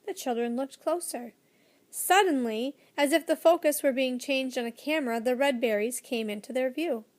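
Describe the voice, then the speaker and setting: A woman narrating a children's storybook in a gentle, measured reading. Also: high-pitched.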